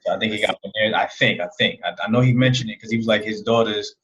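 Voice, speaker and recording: A man co-hosting a boxing talk show, chatting in a relaxed, hesitant way. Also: on the low side, quick pace, slightly rough, low-quality recording. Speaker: boxing podcast co-host. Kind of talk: casual chat.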